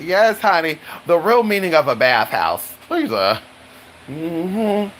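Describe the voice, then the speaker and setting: Flamboyant streamer, sassy and chatty, mid-pitched voice, faint hiss behind. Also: sing-song, slow, a bit bright, rough recording. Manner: sassy and flamboyant, calls listeners honey and girl; swoops high for dramatic exclamations. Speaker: livestreamer. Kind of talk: casual live-stream chat.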